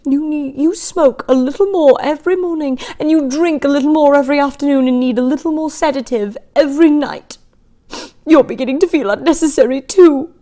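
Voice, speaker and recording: A woman's voice: high voice, a little fast, warm tone, voice pushed up, lightly acted. A woman reading a story aloud, voicing a frightened, tearful housewife who pleads near tears. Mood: frightened pleading.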